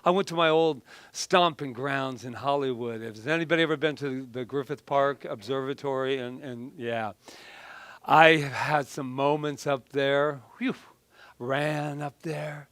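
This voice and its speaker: A man's voice: medium pitch, steady tone, unhurried, a bit bright, no room sound. A middle-aged man preaching a casual, conversational sermon, telling personal stories in a chatty, self-deprecating way with frequent restarts. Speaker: minister.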